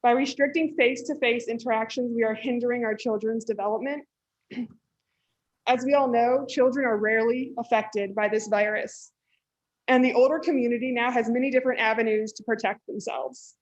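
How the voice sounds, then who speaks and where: A woman's voice: fairly high pitch, steady tone, moderate pace. A woman, a mother and educator, reading an earnest prepared statement during public comment at a school board meeting. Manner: earnest, pleading. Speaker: parent speaking at public comment. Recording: dull lo-fi meeting audio.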